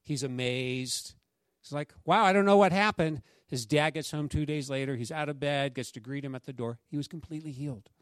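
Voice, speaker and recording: A man's voice: mid-range voice, a little fast, no room sound. A man preaching a sermon as pastor, telling a story and urging the congregation to respond. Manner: exhorting the congregation, lively call-and-response.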